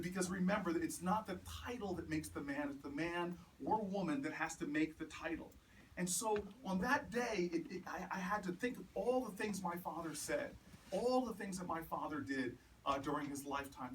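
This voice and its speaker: Guy with a high voice doing a stump speech at a house party, lots of stories and rallying repeats, far off mic. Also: normal speed. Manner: animated storyteller building to repeated rallying refrains. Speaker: politician. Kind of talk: campaign speech with personal stories. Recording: distant mic with room noise.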